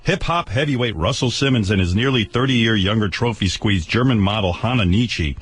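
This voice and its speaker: A man's voice: fairly low pitch, normal speed, slightly rough. An older man hosting a radio show, ranting with profane sarcasm and stammered repeats. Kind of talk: angry on-air rant. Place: radio studio.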